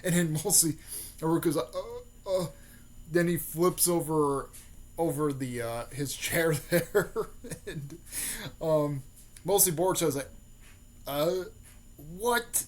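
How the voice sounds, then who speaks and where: A young YouTuber casually retells a made-up fan-theory story, rambling with lots of fillers and restarts and repeatedly tacking on "there" and "mostly." His voice is fairly high in pitch, a little slow, and darkish in tone.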